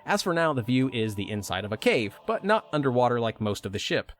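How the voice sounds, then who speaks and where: A male podcast host reads a retelling of a video game's plot. His voice sits at an ordinary pitch, and he drops in joking asides. Faint music plays behind him. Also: big pitch swings, fast. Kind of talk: retelling a video game story.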